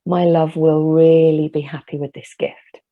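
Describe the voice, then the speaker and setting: A woman voicing a gentle, loving young woman in a told story, speaking softly and earnestly. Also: low voice, flat delivery, unhurried, gravelly, phone-quality sound, heavily acted. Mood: tender.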